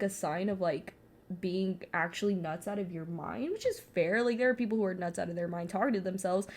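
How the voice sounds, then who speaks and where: Rambling young woman swearing while painting. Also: mid-range voice. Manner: rambling, self-mocking, swings into sudden yelling; frequent swearing and filler "like". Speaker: vlogger. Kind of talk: casual chat while painting. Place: alone at home.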